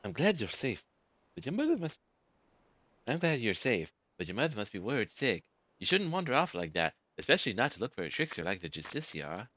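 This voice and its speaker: A man's voice: medium pitch, very animated, a little fast, a bit bright. A man doing a stern scolding soldier. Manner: scolding, lecturing. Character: stern self-righteous male soldier. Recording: muffled with faint game music.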